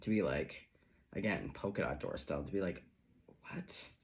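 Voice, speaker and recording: Sassy, animated low-voiced man. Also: brisk, vocal fry, a little hiss or hum. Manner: sassy, profane, chatty. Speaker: tarot reader. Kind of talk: casual tarot reading.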